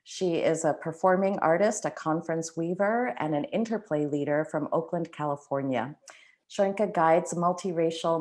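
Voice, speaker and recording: A woman moderating an online event, thanking the organizers and introducing the next speaker in a slightly halting way. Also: deep voice, darkish tone.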